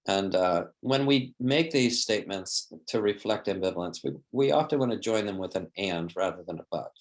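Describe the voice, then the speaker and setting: A man's voice: lowish voice, expressive, moderate pace. A man leading a training lecture, explaining in a thoughtful way and acting out example phrases, often restarting his sentences.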